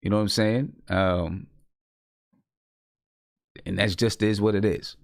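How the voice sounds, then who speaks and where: A man hosting a podcast, talking in a laid-back, loose, halting way during casual opinion chat. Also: lowish voice, steady tone, creaky, no echo, clean studio sound. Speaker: podcast host.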